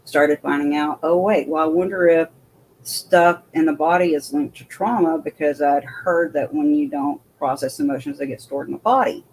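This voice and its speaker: A woman's voice: low-pitched, moderate pace, a little mellow, slight background noise. A woman, a military veteran, telling her story as an interview guest in a rambling way with many restarts.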